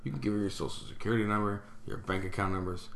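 A man's voice: fairly low pitch, fairly even intonation, racing, vocal fry, fairly bright tone. A man co-hosting a podcast, telling family stories in casual chat, swearing freely and laughing often. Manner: profane, laughing, mimics relatives in quoted voices. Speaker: podcast co-host. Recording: echoey room.

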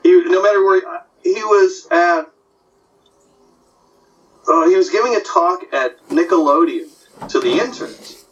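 A man who works as an animation story artist, chatting casually and telling animated anecdotes. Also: high voice, unhurried, long pauses. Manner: animated storyteller, slips into character voices. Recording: distant, dull lo-fi audio.

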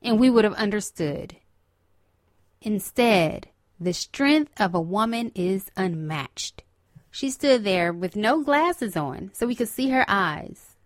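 A woman's voice: mid-range voice, no room sound, clean studio sound. A woman hosting her own podcast, chatting alone in an emotional, earnest way and repeating phrases for emphasis. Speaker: podcast host. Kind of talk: solo casual chat.

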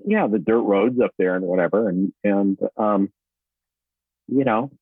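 A man's voice: fairly low pitch, unhurried, dry recording. A man talks casually as an interview guest, wandering through his memories with plenty of fillers and false starts. His voice comes through a thin, phone-like line. The sound is dry and close, with no room around it. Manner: rambling, many fillers and restarts. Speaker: actor guest.

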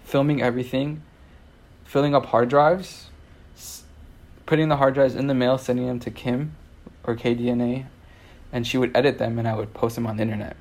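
A man from New York, a guest artist, telling stories in a relaxed, rambling way and laughing often. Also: mid-range voice, brisk, long pauses. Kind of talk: casual storytelling.

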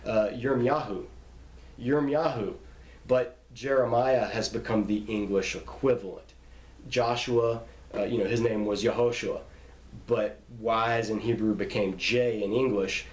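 A man's voice: medium pitch, darkish tone. A man giving a casual spoken lesson on pronouncing biblical names, explaining as he goes with plenty of fillers and restarts. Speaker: Bible teacher. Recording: roomy echo.

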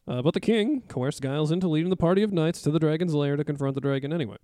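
A man's voice: a little high, rapid-fire, warm tone, no echo, clean studio sound. A man co-hosting a podcast, making wry remarks in casual chat. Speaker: podcast co-host.

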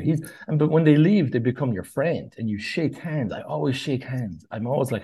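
A husky, warm, mid-range voice belongs to a middle-aged man from Ireland who works as a bartender and organises tours. Animated and at a normal speed, he chats as a guest in an informal interview, telling stories and doing voices for the people in them with an Irish accent.

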